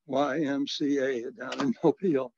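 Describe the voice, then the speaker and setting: An elderly man in his eighties, a retired priest, tells his stories with halting restarts and quiet chuckles. His voice sits at an ordinary pitch and comes across muffled and lo-fi, with no room echo at all. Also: steady tone, creaky, breathy edge. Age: 80s. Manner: halting storyteller, frequent restarts and soft chuckles. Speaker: retired Catholic priest and social worker. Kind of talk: reminiscing in an interview. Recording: dull, lo-fi, dry recording.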